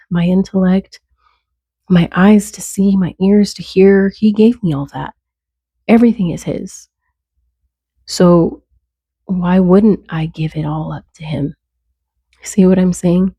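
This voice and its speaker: A woman's voice: medium pitch, warm tone, dry recording. A woman giving earnest, conversational faith encouragement, stacking short repeated phrases. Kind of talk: casual faith talk to camera.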